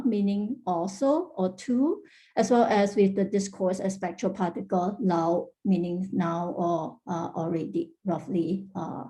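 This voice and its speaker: A woman with a mellow, soft-edged voice presents research at an academic workshop over a video call. She explains step by step, pausing often on fillers and restarting her phrases. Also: mid-range voice. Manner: frequent "uh" fillers and restarts, careful explanatory delivery. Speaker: linguistics researcher presenting a talk.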